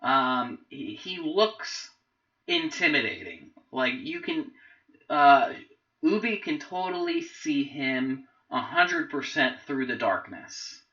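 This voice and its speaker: Halting, slow-talking game master. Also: mid-range voice, wildly swooping pitch, sharp tone. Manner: halting, many fillers and restarts. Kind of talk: narrating a tabletop game. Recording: dull lo-fi recording.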